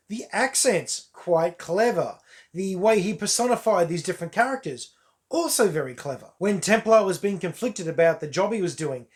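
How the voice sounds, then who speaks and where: A man giving a casual, wry and candid spoken review of a movie on camera. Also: sits high. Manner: wry, candid, offhand asides. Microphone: camera mic.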